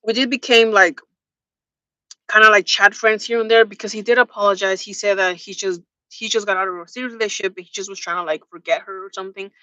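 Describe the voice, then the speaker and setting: A woman's voice: mid-range voice, fairly even intonation, fast talker, pushed and bright, no echo, muffled recording. A young woman vlogging a candid personal storytime, chatty and open, spelling out swear words. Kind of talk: casual storytime.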